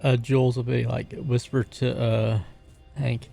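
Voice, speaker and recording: Giggly, gravelly-voiced man playing a tabletop game. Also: medium pitch, little pitch movement, unhurried, dark tone, soft background music. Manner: giggly, describing his character's actions with "like". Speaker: player. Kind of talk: casual tabletop role-play.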